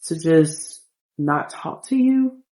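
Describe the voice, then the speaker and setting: A woman voicing a smooth, flirty male suitor. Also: low-pitched, expressive, slow, mellow.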